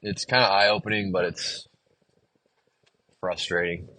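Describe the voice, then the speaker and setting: A man's voice: deep voice, little pitch movement, a little slow, sharp tone. A man hosting a solo podcast, rambling casually and venting with a lot of swearing. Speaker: podcast host and musician.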